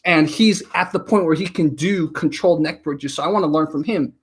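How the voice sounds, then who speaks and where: Husky, high-voiced man chatting. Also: brisk. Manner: talkative, animated storytelling with filler words. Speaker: podcast guest, martial artist. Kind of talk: casual chat.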